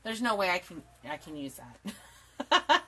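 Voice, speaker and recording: A woman's voice: medium pitch, big pitch swings, a little slow, fairly bright tone. A woman in her forties hosting a live craft tutorial from her home desk, chatty and rambling, laughing often and greeting viewers by name. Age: 40s. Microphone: camera mic at a desk.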